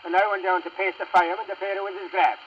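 Man playing Irish brawler, fairly high voice, chatty and proud, dull old record. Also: level tone, quick pace, a little hiss or hum, lightly acted. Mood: boastful. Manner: chatty brogue storytelling. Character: brawling Irish drinker, grown man, cheerful and loyal.

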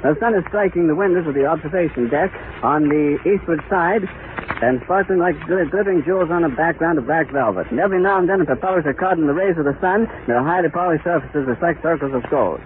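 Man, radio reporter, flowery emphatic play-by-play, 1930s archive sound, loud hiss. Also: a little high, quick pace, phone-quality sound. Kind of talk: live on-scene radio commentary. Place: outdoors at an airfield.

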